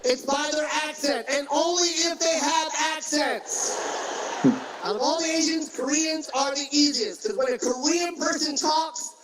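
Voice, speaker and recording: A male stand-up comedian performing for a live crowd, loud and shouting his punchlines with laughter between lines. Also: very high voice, unhurried, poor audio. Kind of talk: stand-up routine. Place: comedy club stage. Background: audience laughter.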